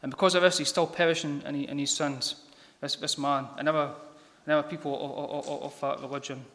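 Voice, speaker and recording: A man giving an informal gospel sermon in a church hall, talking haltingly with many ums and repeated words. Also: a little high, level tone, a bit bright. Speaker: lay preacher. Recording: reverberant hall.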